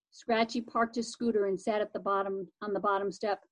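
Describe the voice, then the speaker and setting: A woman's voice: medium pitch, steady tone, brisk, hardly any pauses, rough recording. A woman reading a children's chapter book aloud in a casual way, with the odd slip and restart. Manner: casual, with occasional slips and restarts. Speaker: reader.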